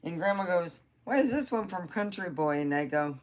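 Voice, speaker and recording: A woman's voice: fairly low pitch, animated, normal speed, few pauses. A woman telling rambling family stories in a casual vlog, laughing often and swearing now and then. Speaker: vlogger. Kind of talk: casual storytelling.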